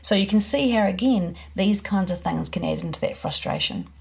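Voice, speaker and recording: A woman speaking as a parenting expert, explaining in a relaxed, practical, conversational way. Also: mid-range voice, normal speed, creaky. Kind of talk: explanatory interview talk.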